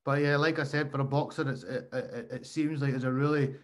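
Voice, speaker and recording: A man hosting a podcast, asking relaxed, encouraging questions in casual conversation. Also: medium pitch, fairly quick. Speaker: podcast host. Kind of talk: casual interview.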